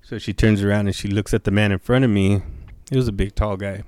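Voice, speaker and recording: A man's voice: fairly low pitch, fairly even intonation, fast talker, darkish tone, clear, resonant tone, no echo. A man telling a story in casual chat, swearing constantly and laughing as he goes. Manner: profane, laughing anecdote teller.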